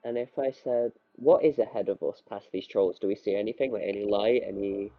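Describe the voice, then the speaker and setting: A man's voice: lowish voice, a little fast, no room sound, faint music behind. Hesitant man on a tinny mic. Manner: hesitant, restarting phrases. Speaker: player. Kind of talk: casual tabletop play. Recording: tinny phone-like mic, dry.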